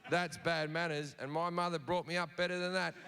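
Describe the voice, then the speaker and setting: A man's voice: a little high, fairly even intonation, brisk, very noisy. A man doing a crude stand-up comedy set on a theatre stage, telling a story and acting out the voices in it. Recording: reverberant live theatre recording with audience.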